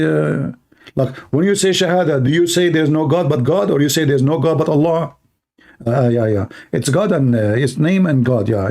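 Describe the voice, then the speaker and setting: A man hosting a livestream, speaking sarcastic, mocking broken English and swinging between loud outbursts and exaggerated slow, soft talk. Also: fairly high pitch, creaky. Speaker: livestream host. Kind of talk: livestream debate commentary.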